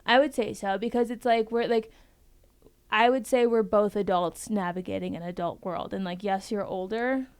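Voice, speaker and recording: A woman's voice: mid-range voice, steady tone, moderate pace, darkish tone, smooth. A young woman talking bluntly and emphatically on a casual podcast panel, swearing freely.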